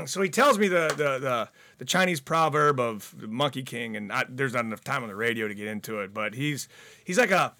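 A man's voice: medium pitch, fairly quick, vocal fry, slight background noise. A man telling stories in casual talk on radio, swearing often and acting out the people in them. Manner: profane, animated storyteller. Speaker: guest. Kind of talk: casual storytelling. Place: radio studio.

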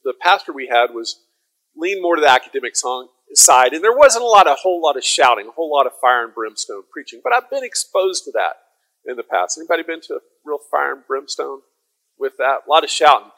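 A man preaching a sermon, conversational and casual, then rising to loud proclaiming. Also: on the high side, expressive, fairly quick, poor audio. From American South. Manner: conversational, swings from soft asides to loud proclaiming.

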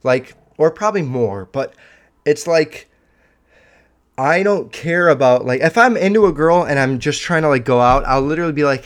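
A man's voice: on the high side, expressive, moderate pace. A man hosting a podcast in casual chat, rambling, candid and profane. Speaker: podcast host.

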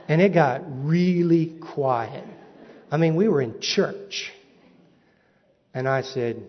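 A man's voice: mid-range voice, slow pace, pauses often. Man telling a funny sermon story. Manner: animated, comic timing. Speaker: preacher. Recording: dull recording in a reverberant hall.

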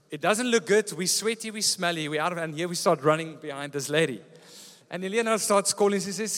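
A man preaching a sermon as pastor, telling stories with lively energy. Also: sits high, big-room sound. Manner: lively storytelling preacher, often laughing. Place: church.

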